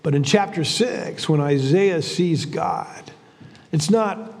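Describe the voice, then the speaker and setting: Pastor guy preaching, chatty and stumbly, lots of repeats, high-ish voice. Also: slow, creaky, darkish tone, long reverb tail. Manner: conversational preaching with repetitions and restarts. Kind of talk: sermon.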